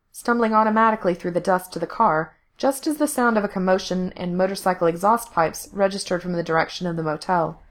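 A woman narrating fan fiction aloud in an even, steady reading voice. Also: fairly low pitch.

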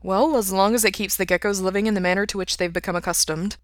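A woman voicing a steady, solemn young man with an even delivery. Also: mid-range voice, quick pace, dry recording, studio quality, lightly acted. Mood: sincere.

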